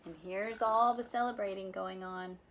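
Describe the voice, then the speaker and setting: A woman volunteer reading a picture book aloud for children in an animated, playful way, with chatty asides about the pictures. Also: mid-range voice, normal speed, slight background noise. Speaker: volunteer reader.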